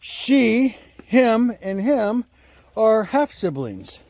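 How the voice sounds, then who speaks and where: A man's voice: sits high, big pitch swings, extremely slow, a little mellow, no room sound. A man doing a casual vlog while feeding his goats outdoors, talking to the camera in chatty asides and cooing at the animals in a sing-song. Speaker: homesteader. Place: outdoors at a goat pen.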